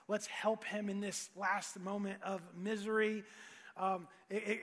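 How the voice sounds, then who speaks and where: A middle-aged male pastor preaching with a high, bright voice. He tells stories, drops to near-whispers and then builds to shouts. The sound rings with a long hall reverb. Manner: storytelling, swings from hushed to shouting. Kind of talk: sermon.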